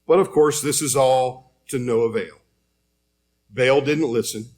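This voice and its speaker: A man's voice: mid-range voice, a little slow, a little mellow. A man preaching a sermon, telling a Bible story in a conversational way and reading scripture aloud.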